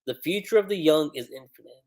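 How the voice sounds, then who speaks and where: A man's voice: a little high, expressive, fairly quick, a little mellow, lightly acted. A man reading as a stern navy instructor.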